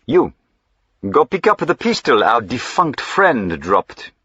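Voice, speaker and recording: A man voicing a suave gentleman highwayman with a French accent, polite, ironic and commanding, in an audiobook reading. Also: sing-song, takes it slowly, husky, no room sound, highs cut off, full character voice.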